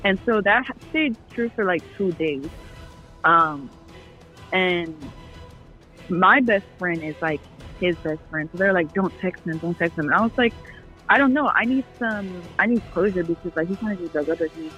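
A woman's voice: fairly low pitch, moderate pace, sharp tone, highs cut off, soft background music. A young adult woman, a podcast guest, telling a long personal story in casual chat, full of "like"s and quoted asides. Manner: rambling storyteller, many "like"s.

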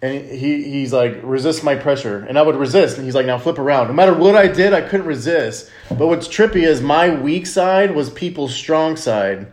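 Relaxed man chatting in an echoey room. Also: fairly high pitch, normal speed. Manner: relaxed, asks follow-up questions, swears casually. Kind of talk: casual podcast chat.

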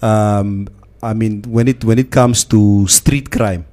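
A man with a Namibian accent in a casual podcast chat, measured and listening closely. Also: on the low side, fairly even intonation, warm tone. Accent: Namibian English.

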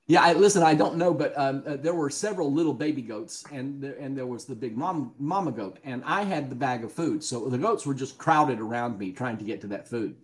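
Southern male guest, chatty raconteur, laughs through his anecdotes, mid pitch. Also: lively intonation, brisk, hardly any pauses. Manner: chatty storyteller, laughs often. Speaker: guest actor. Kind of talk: casual podcast interview.

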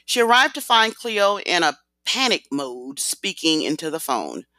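An expressive audiobook narrator telling a novel. The voice is bright and lively in pitch, heard dry and close to the mic. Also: measured pace, no room sound. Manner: expressive storytelling. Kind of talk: scripted narration.

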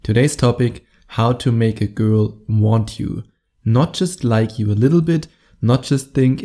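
German-accented male dating coach, solo podcast host, direct, mellow and gravelly in tone. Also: mid-range voice, unhurried. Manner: direct, coaching, addresses the listener.

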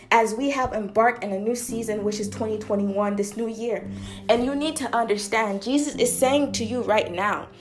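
A woman preaching a sermon with emphasis, repeating phrases to drive her points home. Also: on the high side.

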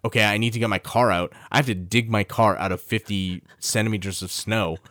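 A man's voice: fairly low pitch, fairly even intonation, fairly quick, a bit bright, no echo, clean studio sound. A man in casual chat, easygoing, peppering his talk with "like" and "right?".

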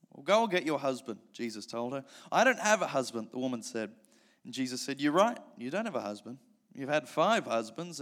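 Earnest Australian pastor with a lifted voice. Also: male voice, on the high side. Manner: earnest, then chatty and self-mocking. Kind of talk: sermon with scripture reading and prayer. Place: church service.

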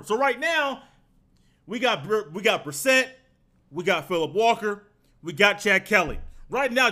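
Male sports podcast host, high and bright, lively storyteller who acts out his reactions. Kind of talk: solo sports podcast monologue.

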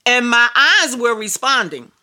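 Bright-voiced woman preaching. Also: on the high side, expressive, unhurried. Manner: emphatic, repetitive storytelling. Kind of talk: sermon testimony.

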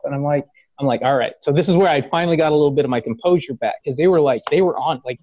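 A man's voice: quick pace, dry recording, muffled recording. A man hosting a podcast, telling a fan story in casual chat, acting out quotes, laughing and swearing. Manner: animated, acts out quotes with rising pitch, swears, laughs. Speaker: podcast host.

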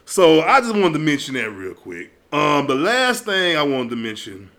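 A man telling stories in a casual comedic monologue, animated and profane, often breaking into laughs. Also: on the high side, moderate pace. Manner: animated, profane, loud storytelling with frequent laughs.

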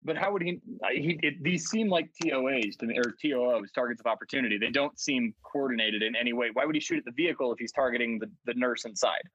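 Husky man co-hosting a podcast. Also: medium pitch, a bit bright. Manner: thinks aloud with restarts, quick bursts. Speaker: podcast co-host. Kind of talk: casual conversational discussion. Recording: slightly dull, dry recording.

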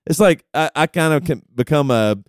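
A man's voice: on the high side, brisk, no room sound, studio quality. A man co-hosting a casual podcast chat, telling stories and acting out his own inner voice. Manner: animated storytelling, acts out his own inner voice. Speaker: podcast co-host.

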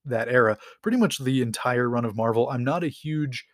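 A man's voice: mid-range voice, brisk, no echo, studio quality. A man casually retelling a story in a rambling, enthusiastic way, with lots of fillers. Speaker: comics recap host.

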